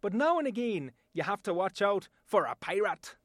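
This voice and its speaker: A man putting on a Caribbean accent as a relaxed islander. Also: high-pitched, normal speed, no echo, clean studio sound. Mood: laid-back. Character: laid-back Caribbean islander.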